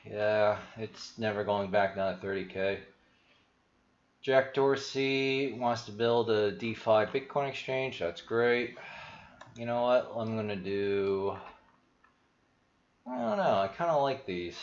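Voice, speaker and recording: A man whose voice sits on the low side talks loosely about markets on his stream, where he covers crypto and stocks. A bit breathless, he drifts from idea to idea, thinking out loud and restarting often, in an echoey room with dull audio and a little background noise.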